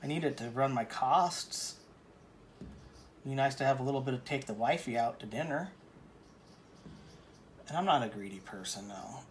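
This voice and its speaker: A man's voice: medium pitch, moderate pace, long pauses, a little hiss or hum. Rambling, joking male painting teacher. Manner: rambling, joking and self-deprecating. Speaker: painting instructor. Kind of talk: casual painting tutorial talk.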